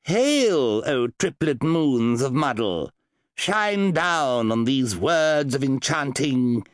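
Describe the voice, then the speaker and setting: A man's voice: mid-range voice, lively intonation, slow pace, no echo, clean studio sound, voice pushed up. A man voicing a fussy, pompous wizard who loses his temper with his pet and improvises grand incantations. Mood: grandiose. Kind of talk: audiobook character voice.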